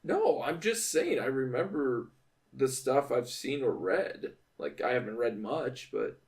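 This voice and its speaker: A young man co-hosting a casual movie review podcast, chatty and quick to laugh. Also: medium pitch, sing-song, darkish tone, distant mic. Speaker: podcast co-host. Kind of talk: casual chat.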